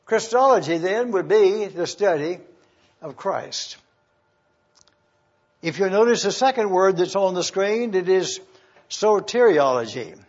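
A man preaching a teaching sermon, reading scripture aloud and slowly spelling out terms. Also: high-pitched, animated. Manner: slow and deliberate, spelling out terms. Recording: dull lo-fi sermon recording.

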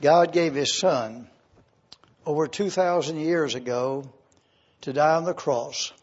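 Slow, husky-voiced man preaching. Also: on the high side, dull audio. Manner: slow, earnest storytelling, acting out voices in the story. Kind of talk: sermon illustration told as a story.

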